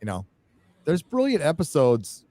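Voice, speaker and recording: A man's voice: fairly high pitch, wildly swooping pitch, a little slow, warm tone, no room sound. A man hosting a casual show, reading out donations in a blunt, profane, laid-back way. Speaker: podcast host.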